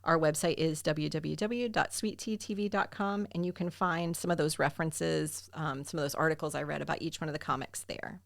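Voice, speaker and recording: A woman's voice: low-pitched, steady tone, brisk, creaky, hardly any pauses, no room sound, studio quality. A woman co-hosting a podcast, chatting casually and self-deprecatingly, with lots of "like" and "um". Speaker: podcast co-host.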